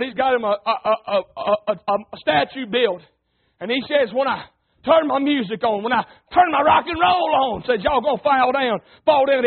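Folksy high-voiced preacher, tinny sound. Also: male voice. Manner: folksy and emphatic, calls on the congregation. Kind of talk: sermon.

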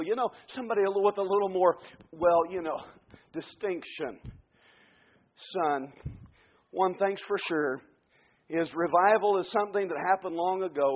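Fervent high-voiced preacher on tinny radio. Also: male voice. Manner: fervent, swings from quiet asides to shouted climaxes. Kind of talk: sermon. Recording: tinny phone-like radio broadcast.

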